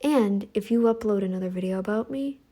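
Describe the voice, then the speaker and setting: A middle-aged woman hosts a commentary channel, her warm voice moving a little fast. She delivers a sassy, scolding monologue aimed at her critics, mocking them in high-pitched voices.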